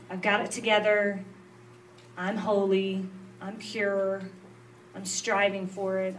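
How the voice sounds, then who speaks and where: A woman delivers a confessional sermon with earnest emphasis, her voice dropping low and soft, then rising firmly again. She sits at an ordinary middle pitch. The mic catches her from some distance off, with a faint bed of noise behind her. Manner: earnest, confessional, mixes quiet lows with emphatic rises. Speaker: pastor's wife.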